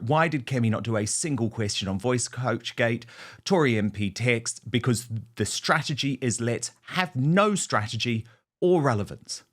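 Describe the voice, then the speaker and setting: Man, political commentary host, scornful, punchy delivery, mid-pitched voice.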